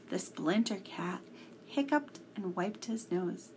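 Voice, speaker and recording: A woman reading a children's story aloud, measured and sometimes hushed. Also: medium pitch, animated, slight background noise.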